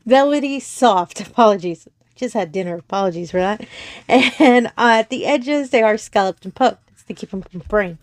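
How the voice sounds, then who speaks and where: A woman's voice: mid-range voice, animated, normal speed, no echo, clean studio sound. A woman, casually narrating a crafting unboxing, gushing, giggling and often apologizing. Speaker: crafting channel host. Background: crinkling plastic packaging.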